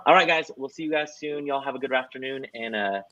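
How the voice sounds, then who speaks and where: An upbeat male host runs a casual livestream chat, rambling cheerfully, chuckling, and plugging events. His middle-pitched voice comes across fast, pushed and bright, and the dry, slightly dull audio has a lo-fi stream feel with no room sound.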